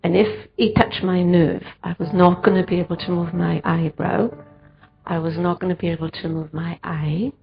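A woman's voice: lowish voice, little pitch movement, normal speed, vocal fry. A woman giving an earnest personal testimony in church, telling it steadily. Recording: muffled church recording, faint music.

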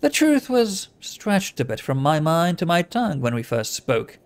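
A man's voice: on the high side, big pitch swings, unhurried. A man doing Feyrod, a wicked old fence. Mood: sly. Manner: menacing, mocking, flares into fury. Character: sly, withered old male tiefling fence on a crutch.

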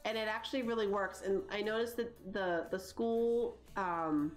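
A woman's voice: mid-range voice, fairly even intonation, a little slow. A woman in her thirties, hosting a gaming channel, chatting casually and rambling with lots of likes and you-knows as she plays. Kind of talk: casual chat while playing a life-sim game.

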